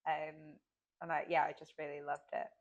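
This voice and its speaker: A woman interviewing an author for the publisher, chatty and relaxed, laughing now and then. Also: low voice, normal speed, muffled recording. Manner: chatty, many fillers and restarts, laughs. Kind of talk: casual interview chat.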